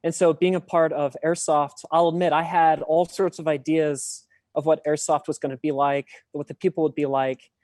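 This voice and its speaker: A man's voice: on the high side, little pitch movement, moderate pace, a little mellow, dry recording, studio quality. Chatty self-deprecating man. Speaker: podcast guest. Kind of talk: casual podcast interview.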